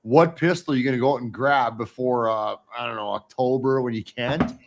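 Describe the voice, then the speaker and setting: A man's voice: mid-range voice, fairly quick, noisy background. A man hosts a live show in a mid-range voice. He talks bluntly and swears freely, speaking straight to the viewers. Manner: blunt, profane, addresses viewers directly. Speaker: podcast host. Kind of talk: heated casual chat.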